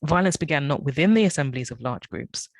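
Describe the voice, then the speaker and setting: A man reads an academic paper aloud from his notes. His voice sits a little high for a man and sounds close and dry. He often stumbles, corrects himself and apologises. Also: animated, brisk, creaky, no room sound, rough recording. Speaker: academic speaker. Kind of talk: reading a prepared talk.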